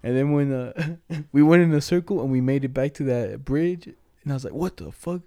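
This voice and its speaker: A man's voice: mid-range voice, fairly quick, dark tone, no echo, studio quality. A young man telling rambling, profane stories in casual chat with friends. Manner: slangy, profane, laughing storyteller. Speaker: storyteller among friends.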